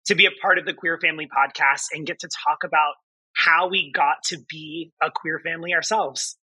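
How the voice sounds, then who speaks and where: A man who is a podcast guest, speaking earnestly and excitedly. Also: a little high, fairly quick, husky, dry recording, rough recording. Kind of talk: podcast interview.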